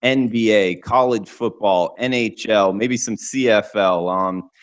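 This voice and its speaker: A man with a Southern US accent hosting a sports betting roundtable, relaxed and friendly with his guests. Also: on the low side, a little slow. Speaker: host.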